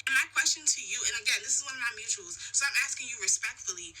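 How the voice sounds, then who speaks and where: A woman's voice: on the high side, lively intonation, racing, bright, forceful tone, rough recording. A woman from the United States, a content creator, talking to camera with indignant, emphatic rhetorical questions. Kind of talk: casual commentary to camera.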